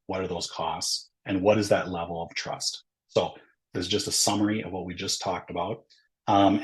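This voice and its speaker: Over poor audio, a workshop presenter with a fairly low-pitched voice delivers a webinar lecture. His explanations go step by step, loose and conversational, dotted with ums, uhs, and frequent "right?" tag questions.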